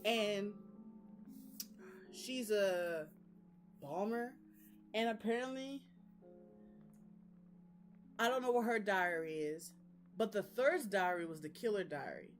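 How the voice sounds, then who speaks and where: A woman's voice: mid-range voice, takes it slowly, pauses often, faint music behind. A young woman casually recapping book chapters, chatty and slangy, laughing often. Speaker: book vlogger.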